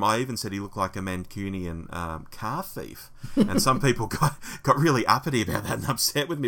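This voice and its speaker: A man co-hosting a fan podcast, chatting casually and animatedly, laughing and acting out quotes. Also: fairly quick. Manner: animated, laughs often, acts out quotes in a higher voice. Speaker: podcast co-host.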